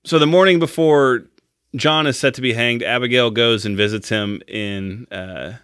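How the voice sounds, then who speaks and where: On a podcast, a male co-host casually recaps a movie, joking, swearing, and acting out the characters' lines. His medium-pitched voice is clear, resonant, and a bit bright, moving at a normal speed. The recording is dry, with clean studio sound.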